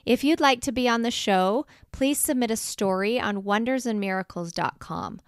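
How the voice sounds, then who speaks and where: A woman's voice: a little high, moderate pace, dry recording, clean studio sound. A woman hosting a faith podcast, talking in a gushing, tender way that edges into emotion. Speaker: podcast host. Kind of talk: faith podcast outro and interview.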